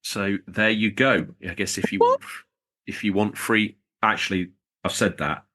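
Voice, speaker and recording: A man's voice: fairly low pitch, unhurried, sharp tone. A man co-hosting a podcast, chatting in a jokey, rambling way while reading out supporters. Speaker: podcast co-host. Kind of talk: casual podcast chat.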